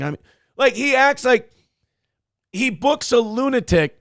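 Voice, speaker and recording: A man hosting a morning show, chatting in a rambling, profane, animated way and reading out viewers' messages. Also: very high-pitched, measured pace, pauses often, no echo, studio quality. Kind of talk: casual livestream chat.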